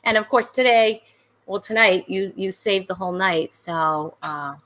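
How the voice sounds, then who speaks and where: Bright-voiced chatty woman host. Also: mid-range voice, measured pace. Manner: chatty, rambling with many fillers and laughs. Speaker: comedy talk show host. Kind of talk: casual livestream chat.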